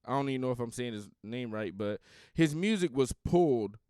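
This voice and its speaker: Blunt, rambling man with smooth voice. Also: medium pitch, lively intonation, brisk, dark tone, no echo, studio quality. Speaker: podcast host. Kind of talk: casual opinion monologue.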